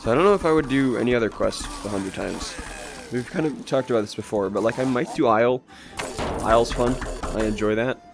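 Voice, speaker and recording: A young man streams a game and chats with his viewers, his voice hoarse, strained and stuffy. He rambles and chuckles in a mid-pitched voice while music plays clearly underneath. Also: brisk. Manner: rambling, chuckling, talks to chat. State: congested. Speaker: gaming livestreamer. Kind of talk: casual livestream chat.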